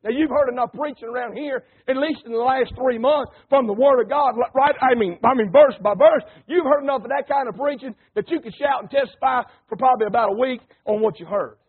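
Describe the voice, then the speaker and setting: A folksy preacher with a strikingly high, husky voice drives his sermon home, dropping to plain talk and then rising to loud calls. The sound comes over a thin, phone-like radio broadcast. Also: a little fast, few pauses. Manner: folksy, rousing, swings between quiet talk and shouting. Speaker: pastor.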